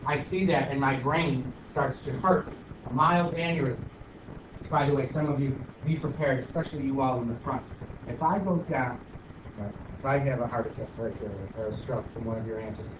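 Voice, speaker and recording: A man's voice: mid-range voice, recorded from a distance, noisy background. A man teaching a math class, questioning students and joking as a self-declared stickler. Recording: roomy, dull, from across the room.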